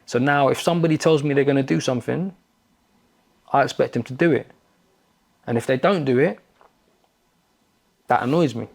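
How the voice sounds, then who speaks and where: A man, a podcast guest, telling a story in casual talk, animated and swearing freely. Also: mid-range voice, moderate pace, creaky, long pauses. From London. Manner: animated, swears freely, acts out quoted exchanges.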